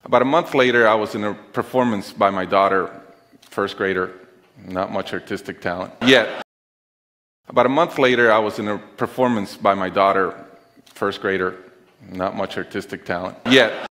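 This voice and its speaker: A middle-aged man telling a personal story on stage, with an earnest, deliberate, heartfelt delivery and pauses. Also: lowish voice, a bit bright. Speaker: conference speaker. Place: stage in a large auditorium. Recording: long reverb of a large auditorium.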